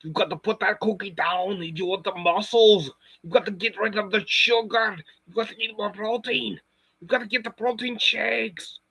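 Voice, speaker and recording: A man imitating an angry, shouting musclebound action hero with a put-on Austrian accent and barking commands. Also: high-pitched, steady tone, normal speed, vocal fry, husky, no room sound, voice pushed up, exaggerated voice, low-quality recording.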